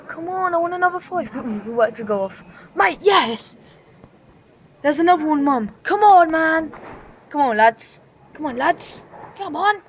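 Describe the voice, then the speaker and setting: A woman's voice: extremely high pitch, animated, unhurried, pauses often, slight background noise. A woman filming a casual vlog, talking in a rowdy, crude way and swearing and laughing freely as she cheers on fireworks. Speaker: vlogger. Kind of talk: excited casual commentary while watching fireworks.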